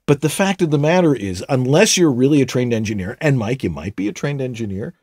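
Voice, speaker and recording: A man's voice: medium pitch, animated, fairly quick, darkish tone, husky, no echo. A man co-hosting a casual tech show, reading listener questions with wry, jokey asides.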